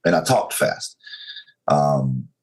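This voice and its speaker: A man in his forties from North Carolina with a Southern accent, telling his story as a podcast guest in a slow, controlled way. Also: very deep voice, expressive. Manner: slow, controlled, deliberate delivery.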